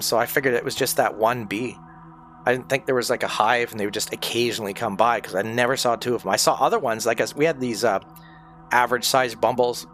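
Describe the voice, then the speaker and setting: A man's voice: mid-range voice, a bit bright. Profane, ranting man streamer. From not from the United States. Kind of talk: casual rant during a game stream.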